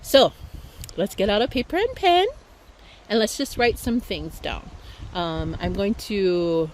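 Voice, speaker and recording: A woman's voice: fairly low pitch, a little hiss or hum, poor audio. Heartfelt woman sharing a family story. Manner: heartfelt, reflective, unhurried with fillers. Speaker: online congress speaker. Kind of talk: personal storytelling talk.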